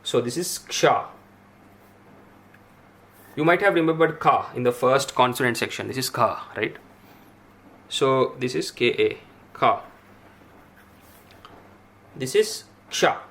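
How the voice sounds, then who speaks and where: A man teaching a language lesson, patiently repeating each syllable and pausing with frequent "uh"s. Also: medium pitch, fairly bright tone. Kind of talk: explaining a writing lesson.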